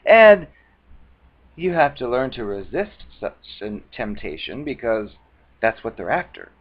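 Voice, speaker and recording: A man's voice: mid-range voice, very animated, normal speed. A man giving advice in a casual talking-head monologue, speaking conversationally and acting out the retorts he quotes. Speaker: advice vlogger. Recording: dull lo-fi recording.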